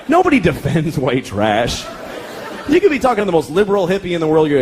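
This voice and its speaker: A man in his thirties performs stand-up on stage, his fairly high voice swinging wildly in pitch as he rants with exasperated profanity. Loud audience laughter and room noise fill the recording. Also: huge pitch swings, fast. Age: 30s. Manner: profane, exasperated ranting with swearing. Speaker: stand-up comedian. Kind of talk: stand-up comedy routine. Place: comedy stage before a live audience. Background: crowd laughing.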